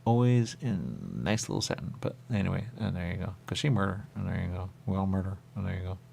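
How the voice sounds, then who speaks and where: A man's voice: sits low, expressive, fast, vocal fry, dark tone, a little hiss or hum. A man hosting a radio talk show in a meandering, repetitive, stream-of-consciousness monologue. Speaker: radio host. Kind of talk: rambling monologue.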